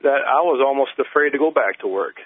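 An older man calling in, telling his story haltingly with many pauses and fillers. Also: medium pitch, animated, breathy edge, no echo. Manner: halting, many uh and um, gets emotional. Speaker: caller. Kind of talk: phone-in testimony. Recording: tinny phone line.

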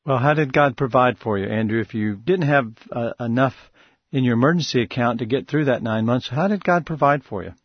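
A man's voice: mid-range voice, fairly quick, no room sound. A man hosts a faith radio interview, asking earnest and encouraging questions. His voice sounds slightly dull and lo-fi. The sound is dry. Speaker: radio host.

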